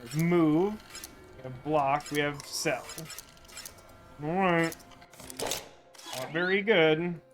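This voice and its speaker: A man's voice: a little high, takes it slowly, pauses often, faint music behind. A man streaming a card game, chatting in a wry way as he thinks aloud about his moves. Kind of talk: let's-play commentary.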